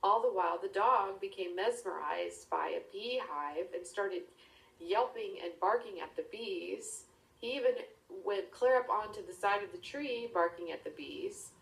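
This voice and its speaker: A woman's voice: mid-range voice, creaky. A woman telling a children's story in a chatty way, often dropping into whispered asides. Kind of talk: casual storytelling. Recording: roomy, distant mic.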